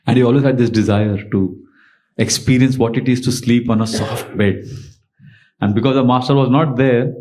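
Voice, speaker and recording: Guy giving a sermon, chatty storytelling, mid-pitched voice. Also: steady tone, moderate pace, a little mellow. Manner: storytelling, conversational lecturing with fillers. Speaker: monk and lecturer.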